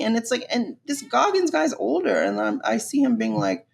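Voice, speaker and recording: Brief: young woman podcast host, gossipy casual monologue, lots of vocal fry. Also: on the high side, wildly swooping pitch, fairly quick, few pauses. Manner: chatty, gossipy, swears freely.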